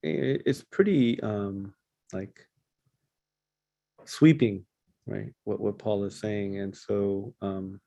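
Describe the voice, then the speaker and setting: A man leading a casual Bible study discussion, talking in a halting way with many fillers and restarts. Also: lowish voice, steady tone, creaky, mellow, no echo, muffled recording.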